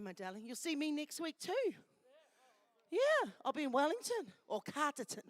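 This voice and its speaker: A high-pitched woman with a New Zealand accent MCs a live festival, handing things out and making announcements with no room sound behind her. She is chatty and affectionate with the crowd, calling people darling.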